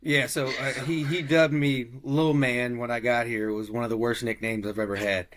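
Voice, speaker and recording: A man's voice: mid-range voice, fairly even intonation, normal speed, a bit bright. A man co-hosting a podcast, chatting casually and telling a joking story about himself with some swearing. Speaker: podcast co-host, former football player. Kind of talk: casual chat.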